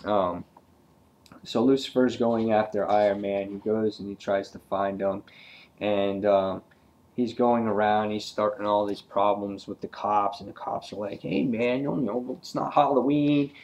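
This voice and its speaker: A man's voice: fairly low pitch, a little mellow. A man casually reviewing an old comic book, hesitant and full of ums.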